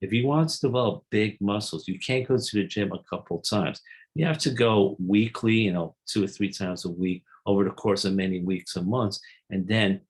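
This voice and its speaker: A man's voice: on the low side, normal speed, low-quality recording. A man giving an earnest, explanatory summary of a self-help book, reading quotes aloud and then explaining them.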